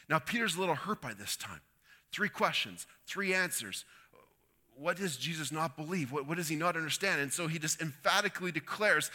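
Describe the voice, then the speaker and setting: A man's voice: fairly high pitch, expressive, moderate pace, pushed and bright, in a large hall. A man preaching a sermon, telling a story and acting out the quoted lines with rising and falling intensity. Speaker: pastor.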